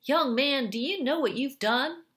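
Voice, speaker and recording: A woman voicing a formal, polite gentleman in evening dress. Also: sits high, measured pace, voice pushed up. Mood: astonished.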